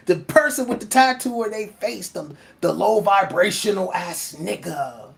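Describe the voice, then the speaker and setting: Male host, blunt and profane, animated casual monologue, laughs a lot. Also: high-pitched, measured pace, vocal fry. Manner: laughs often.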